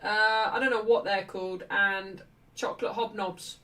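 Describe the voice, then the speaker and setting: A woman hosting a live football watchalong, chatting cheekily and shouting out at refereeing calls. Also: mid-range voice, fairly even intonation, normal speed, recorded from a distance. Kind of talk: live match watchalong commentary.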